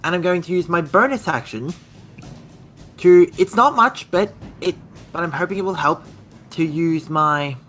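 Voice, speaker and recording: A player in a tabletop game, talking in an animated way with a bright, forceful voice pitched a little high. Faint music sits in the background. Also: male voice, moderate pace.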